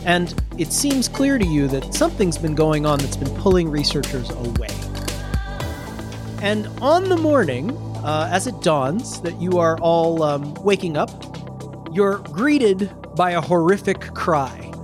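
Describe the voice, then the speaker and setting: A man narrating a tabletop role-playing game as game master, in a relaxed, rambling way. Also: fairly high pitch, unhurried. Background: background music.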